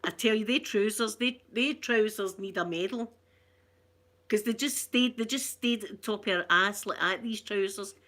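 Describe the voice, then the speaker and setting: Woman, Scottish accent, middle-aged, bright clear tone, chatty live-stream host, laughs a lot. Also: medium pitch, normal speed. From Scotland. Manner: chatty, reads out viewer comments, laughs often. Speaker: ASMR channel host. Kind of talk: casual live-stream chat.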